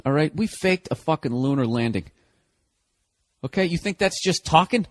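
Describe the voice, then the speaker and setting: A male comedian rants to his listeners in a casual, exasperated monologue. His voice sits fairly high for a man, and he swears freely as he talks. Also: animated, normal speed. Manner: profane, exasperated ranting. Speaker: comedian podcast host.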